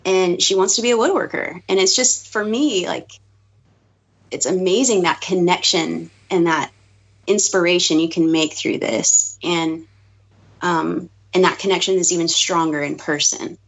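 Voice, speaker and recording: Breathy, chatty woman on a podcast. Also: lowish voice, a little slow. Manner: chatty, giggly, lots of fillers. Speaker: guest co-host. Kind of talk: casual podcast chat. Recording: dull lo-fi podcast audio.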